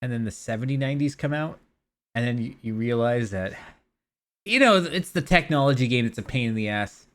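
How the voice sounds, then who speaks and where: A man chatting loosely while he plays a game on stream, drifting between topics. His voice sits at an ordinary middle pitch, and his sentences often fade into quiet mutters. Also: animated, fairly quick. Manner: rambling, trails off quietly. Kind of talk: casual gameplay commentary.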